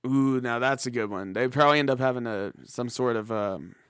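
A man's voice: mid-range voice, a little fast, a bit bright, clean tone, no echo, clean studio sound. A man co-hosting a podcast, chatting casually through a movie commentary, joking and often laughing. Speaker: podcast co-host.

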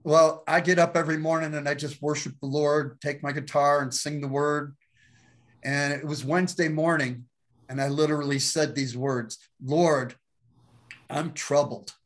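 A male pastor telling his testimony to an interviewer, animated and quick to laugh. His voice sits a little high for a man, and he acts out the people in the story as he goes. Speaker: pastor and guest.

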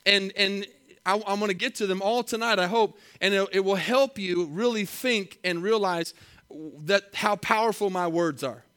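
High-voiced man preaching a sermon. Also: fairly bright tone, smooth. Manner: slow emphatic scripture reading, then conversational storytelling. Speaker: pastor.

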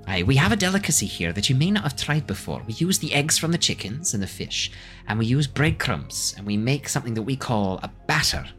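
Bright and lively, this is a Scottish-voiced woman from a floating raft town, played by a man as game master, boasting about local food with a bright edge. Her pitch swings widely, and soft music plays behind her. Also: brisk. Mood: proud. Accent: put-on Scottish. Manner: boastful local guide telling tall food jokes.

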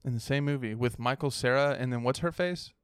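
A man's voice: medium pitch, brisk, clear, resonant tone, no room sound, studio quality. A young man co-hosting a casual podcast, teasing and joking, laughing often. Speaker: podcast co-host. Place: home room.

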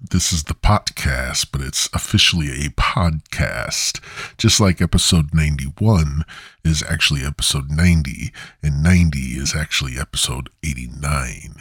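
A man's voice: extremely low pitch, moderate pace, fairly bright tone, husky, dry recording, clean studio sound. A man hosting his own podcast, rambling and joking crudely with many restarts. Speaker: podcast host. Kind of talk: rambling solo podcast monologue.

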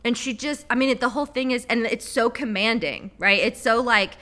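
A woman co-hosting a casual chat about books and poetry, animated, laughing often and acting out quotes. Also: a little high, brisk. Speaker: podcast co-host.

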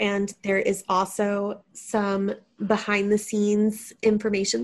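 A woman voicing a chatty female house cat who hosts a podcast, bubbly and rambling. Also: medium pitch. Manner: bubbly, rambling, self-interrupting. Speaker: podcast host. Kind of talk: casual chat.

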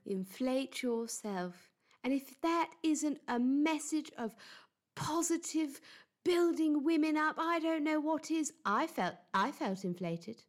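A woman's voice: sits high, a little slow, faint music behind. A woman hosting an improvised mock interview, gushing in a prim, mock-earnest way.

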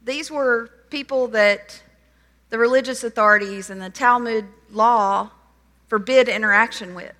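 A woman preaching a sermon, retelling a parable with animated storytelling and voiced quotes. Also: fairly high pitch, a little slow. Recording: long hall reverb.

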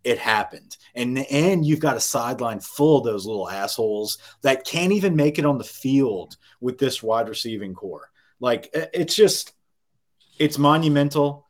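A man talks sports on a casual podcast, swearing often and getting riled up as he goes. His voice sits at an ordinary middle pitch. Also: normal speed. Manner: profane, animated, riled up. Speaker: podcast co-host.

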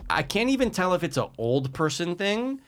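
A young man co-hosting a casual podcast, telling stories in a rambling, animated way with lots of swearing and restarts. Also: high-pitched, moderate pace. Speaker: podcast co-host.

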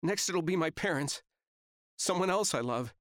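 A man's voice: on the high side, expressive, normal speed, a bit bright, no room sound, clean studio sound, pitched above the performer's own voice. A man voicing a furious, heartbroken young woman who speaks in a raw, accusing way.

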